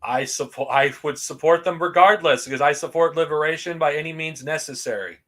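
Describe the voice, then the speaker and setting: A man's voice: on the high side, fairly quick, a bit bright. A man streamer reacting to a stream about himself, talking back indignantly and swearing as he defends his views. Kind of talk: angry reaction commentary.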